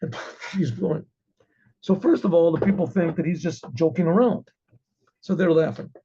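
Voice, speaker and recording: A man storyteller with a high, mellow voice and a husky, gravelly edge. He rambles through his tale with lots of "you know"s and keeps stopping to clear his throat. The recording is dull and lo-fi. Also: normal speed. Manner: rambling, with many fillers and frequent throat clearing. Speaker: rabbi. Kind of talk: storytelling talk.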